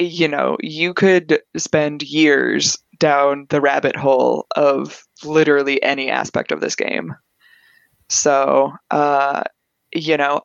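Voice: mid-range voice, creaky, no room sound, lo-fi sound. A new player in a casual chat about a tabletop game, talking in a rambling, filler-heavy way. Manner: chatty, rambling, many fillers.

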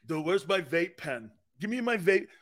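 A man's voice: sits high, expressive, moderate pace, fairly bright tone. A man doing a spaced-out stoner athlete. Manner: dazed, drawling stoner talk, repeating himself. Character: stoned young male extreme-sports athlete, spaced out.

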